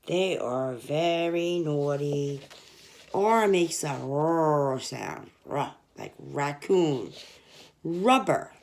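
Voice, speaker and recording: A woman's voice: low voice, vocal fry. A young woman teaching children, reading an alphabet picture book aloud and sounding out each letter. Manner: slow, sounding out letters, lively sing-song.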